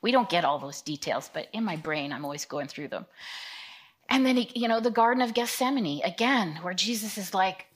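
A woman in her fifties giving a casual, conversational sermon, acting out scripture scenes in quick quoted voices. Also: mid-range voice, lively intonation, slightly rough. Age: 50s. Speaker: preacher.

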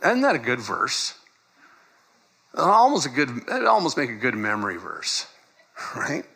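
A man's voice: mid-range voice, wildly swooping pitch, unhurried, creaky, sharp tone, husky. A man preaching a sermon in a conversational way, laughing often and acting out quoted lines. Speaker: pastor.

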